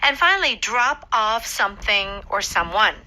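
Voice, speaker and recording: A woman's voice: mid-range voice, sing-song, moderate pace, sharp tone, poor audio. A woman from South Korea co-hosting a radio English lesson, leading it in a friendly way with many okays.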